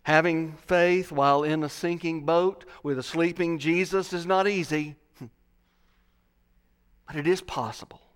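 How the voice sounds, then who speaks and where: A man preaching a sermon, slow and dramatic, swelling loud and then dropping to a hush. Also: on the high side, clear, resonant tone.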